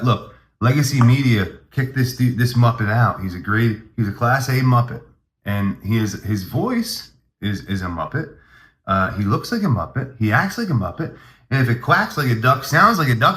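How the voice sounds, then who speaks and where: A man's voice: mid-range voice, animated, moderate pace, fairly bright tone, reverberant. A man hosting a comedy podcast, rambling through a mock-grandiose, hyped monologue.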